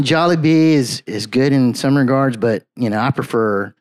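A man's voice: medium pitch, normal speed, a little mellow. Man telling stories in a rambling way. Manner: rambling storyteller, peppers talk with "man" and "you know". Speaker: podcast guest. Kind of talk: casual podcast chat.

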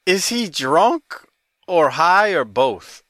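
A man's voice: on the high side, very animated, slow, a bit bright, dry recording. Brief: male podcast host, loose laughing chat, dry close sound.

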